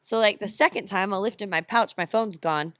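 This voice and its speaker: A woman from the United States, a podcast guest who tells travel stories in a lively way and laughs often. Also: mid-range voice, moderate pace, dry recording, clean studio sound. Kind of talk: casual chat.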